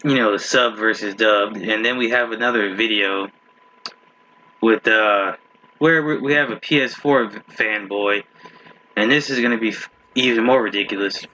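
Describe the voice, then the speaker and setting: A man's voice: fairly low pitch, normal speed, sharp tone, a little hiss or hum. A man hosting a casual reaction video, rambling and restarting his sentences as he talks, in a slightly muffled home recording. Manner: rambling, restarts often, laughs at clips. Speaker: video host.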